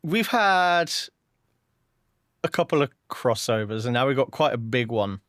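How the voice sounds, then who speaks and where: A man's voice: medium pitch, animated, unhurried, a bit bright, no echo, clean studio sound. A man hosting a podcast in casual chat, hesitant, with stumbling restarts. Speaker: podcast host.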